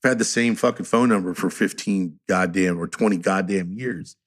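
A man, a tattoo artist guest, chatting profanely on a podcast and telling stories. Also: moderate pace. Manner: profane, storytelling, imitates others in a low voice. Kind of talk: casual podcast chat.

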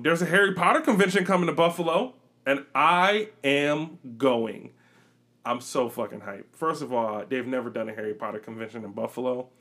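A man's voice: medium pitch, fairly bright tone. A young man co-hosting a casual podcast. He talks loosely in everyday speech and flares into heated, profane teasing of his friend. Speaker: podcast co-host. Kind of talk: casual chat.

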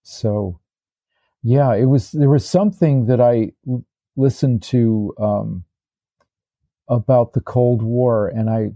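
A man's voice: medium pitch, fairly even intonation, slow pace, pauses often, dark tone, dry recording. An older man, a former tank commander, telling his stories as an interview guest in a rambling way, with restarts and fillers. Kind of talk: casual interview storytelling.

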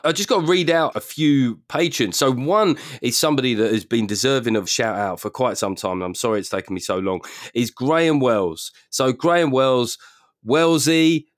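A man hosting a comedy podcast, riffing and teasing with a quick joking manner. His voice sits at an ordinary pitch for a man, and the sound is dry and close with no room around it. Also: expressive, no echo. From South London. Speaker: podcast host. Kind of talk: casual comedy chat.

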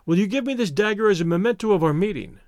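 A gallant young naval officer, as a male narrator reads him, playful and courtly in his teasing. The voice is high and lively, recorded dry and close. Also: quick pace, no echo.

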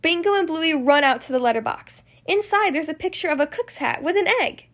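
A woman hosting a podcast, reading a children's storybook aloud in a friendly, expressive way. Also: high voice, a little fast. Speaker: podcast host and storybook reader.

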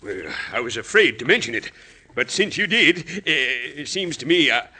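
An actor in an old radio playing a stammering, nervous con man who works as a medicine show pitchman, with a twang. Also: big pitch swings, bright, forceful tone, slight background noise. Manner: stammering, nervous, fast-talking. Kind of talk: 1950s radio drama acting.

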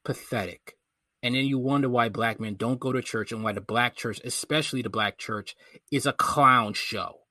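Guy ranting, scornful and blunt, sharp bright voice. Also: mid-range voice, moderate pace, no echo, clean studio sound. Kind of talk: commentary rant.

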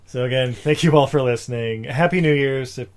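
A man's voice: mid-range voice, brisk, a little hiss or hum. A man co-hosting a casual movie podcast, joking and laughing often as he talks. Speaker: podcast co-host.

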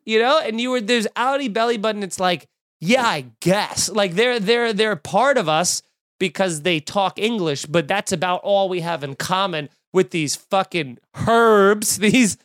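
A man's voice: high voice, a bit bright, no echo, studio quality. A man hosting a podcast, riffing in a casual, profane stream of consciousness. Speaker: podcast host. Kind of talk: casual rambling chat.

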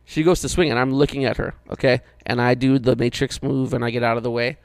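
A man co-hosting a podcast, telling a story in a rushed, animated way during casual banter. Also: medium pitch, dry recording. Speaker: podcast co-host.

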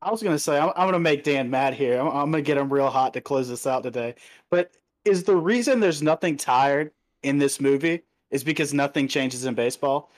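A man's voice: mid-range voice, a little fast. A man co-hosting a casual podcast chat, hesitant and full of fillers. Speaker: podcast co-host.

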